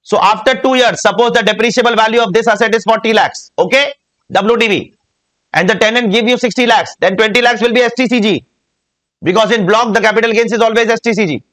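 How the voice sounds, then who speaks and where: High-voiced Indian man teaching tax. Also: quick pace, fairly bright tone. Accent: Indian English. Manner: asks the class frequent check questions; repeats and drills key points. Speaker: tax lecturer. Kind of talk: classroom lecture.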